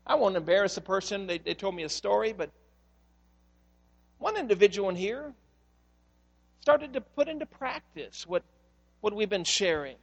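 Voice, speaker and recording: A man's voice: high-pitched, big pitch swings, moderate pace, gravelly, pauses often, lo-fi sound. A male pastor preaching a sermon in a church, speaking earnestly and putting questions straight to the congregation.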